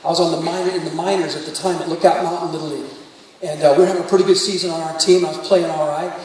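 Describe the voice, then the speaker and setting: A man's voice: a little high, flat delivery, racing, darkish tone. Guy preaching in a big church, storytelling then fired up, long reverb, far from mic. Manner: storytelling, rising to fervent exhortation. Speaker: pastor. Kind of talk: sermon. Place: large church sanctuary. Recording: distant echoey hall, faint room noise.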